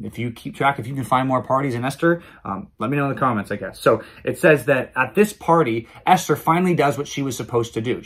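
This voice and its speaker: A man's voice: mid-range voice, a bit bright, breathy edge. A man hosting a daily Bible reading video, retelling scripture in a chatty, casual way. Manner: chatty, with many fillers and restarts.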